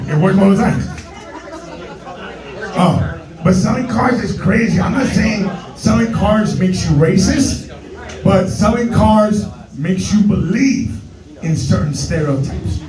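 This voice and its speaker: A man's voice: high voice, moderate pace, pauses often, roomy sound, recorded from a distance, crowd noise, low-quality recording. A man from New York doing a brash, profane stand-up routine full of street slang and put-on voices. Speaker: stand-up comedian. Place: comedy club stage.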